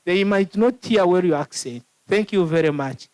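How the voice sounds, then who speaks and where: High-voiced Ugandan man giving a speech. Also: expressive, moderate pace, a little mellow, dry recording, poor audio. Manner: emphatic, repetitive, joking. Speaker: university official addressing new students. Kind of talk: orientation speech. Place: university orientation event.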